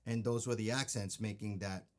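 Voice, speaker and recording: A man's voice: on the low side, steady tone, moderate pace. A man teaching drum technique, patiently explaining and counting beats aloud, often checking in with "okay?". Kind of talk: instructional demonstration. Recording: loud drumming and stick clicks behind voice.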